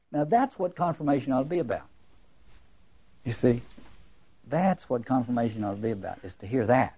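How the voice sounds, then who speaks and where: A man lecturing with a warm, relaxed tone and a husky edge. He muses aloud, circles back over his words and keeps asking rhetorical questions. His pitch sits in an ordinary middle range. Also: moderate pace, long pauses. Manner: emphatic, musing, repeats words and poses rhetorical questions. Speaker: lecturer on literature and religion.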